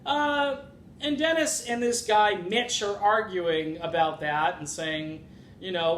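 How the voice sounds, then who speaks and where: Man, music commentary host, casual opinionated talk, sarcastic asides, somewhat high voice, echoey room, faint rumble. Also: measured pace, fairly bright tone.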